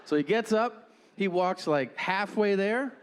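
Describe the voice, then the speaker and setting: Animated male storyteller, noisy clip. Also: high-pitched, measured pace. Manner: animated, acts out other people's lines, laughs while talking. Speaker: comedian telling a story. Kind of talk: storytelling anecdote.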